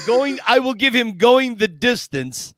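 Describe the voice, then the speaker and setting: A man from Scranton, Pennsylvania, a guest who tells stories excitedly, restarts often and acts out quotes. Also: very high-pitched, slow, dry recording, studio quality. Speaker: guest, Rocky impersonator. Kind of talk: casual storytelling.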